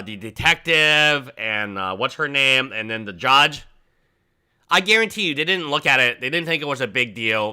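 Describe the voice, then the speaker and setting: A man hosting a livestream, chatting casually and rambling, often mimicking people in a high mocking voice. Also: bright, forceful tone, smooth. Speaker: livestream host.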